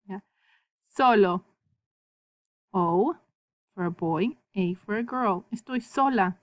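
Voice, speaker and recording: In this recorded Spanish lesson, the female teacher uses a mid-range voice and says words slowly and repeatedly so students can mimic how they sound. No room sound is audible.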